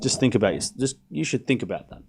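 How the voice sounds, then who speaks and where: A man's voice: mid-range voice, big pitch swings, fast talker, creaky, slight background noise. A man streaming a live tennis watchalong, calling points and teasing viewers with playful mock outrage. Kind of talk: live watchalong commentary and chat banter.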